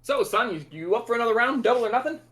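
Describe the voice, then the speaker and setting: A man playing a flirty, coaxing card sharp who teases and wheedles in a raised voice. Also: extremely high pitch, lively intonation, very fast, voice pushed up. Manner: coaxing, teasing, salesman-like.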